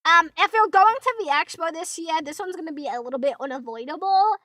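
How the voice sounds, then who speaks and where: Brief: young English streamer girl, squeaky-high and sharp, brash, curses a lot, dry close mic. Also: fairly quick, no echo. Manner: loud, excitable, swears often, laughs a lot. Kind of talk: reaction stream chat.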